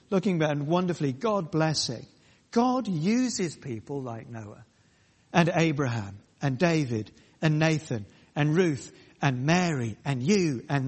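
A man preaching a sermon, emphatic and repetitive, speaking in short, pausing phrases. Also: on the high side, darkish tone, slightly rough, long reverb tail.

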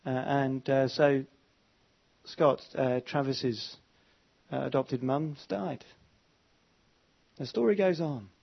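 A man's voice: medium pitch, takes it slowly, creaky, pauses often, dull audio. A man preaching an evening sermon, emphatic and repeating his words, with frequent fillers. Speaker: pastor.

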